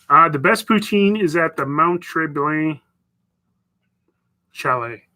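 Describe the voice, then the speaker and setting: On a rough recording, a man with a fairly high, pushed and bright voice hosts an easygoing live stream. He's from the Northwest Territories in northern Canada and rambles as he chats through viewer messages.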